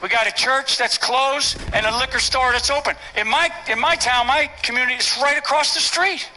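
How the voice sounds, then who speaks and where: A man's voice: very high-pitched, a little fast, bright, forceful tone, low-quality recording. Emphatic older man giving a rally speech. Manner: emphatic, repetitive, keeps asking "right?". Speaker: speaker at a public event. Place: stage at an event with a tent.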